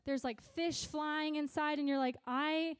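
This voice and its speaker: High-voiced young woman preaching to teens. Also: normal speed, no room sound. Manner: chatty, animated storytelling with filler "like" and "right?". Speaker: youth pastor. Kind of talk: youth sermon.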